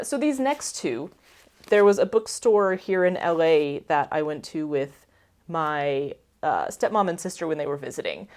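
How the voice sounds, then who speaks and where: Chatty young woman. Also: low-pitched. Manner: chatty, rambling, asks viewers for opinions. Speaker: book vlogger. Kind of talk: casual chat to camera.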